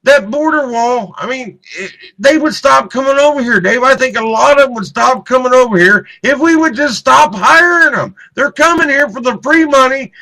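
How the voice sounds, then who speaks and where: A man's voice: very high-pitched, expressive, moderate pace, hardly any pauses, bright, forceful tone, low-quality recording. A man co-hosting live political talk radio, heated and repetitive, often turning to his co-host by name. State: clearing throat, choked up.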